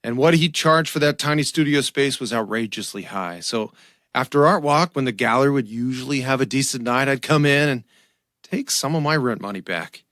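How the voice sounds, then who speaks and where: A man's voice: medium pitch, lively intonation, normal speed, a bit bright, no room sound, clean studio sound, natural voice. An actor playing a nervous young male artist suspect in a radio drama, anxious and stammering. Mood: defensive. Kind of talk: radio theater acting.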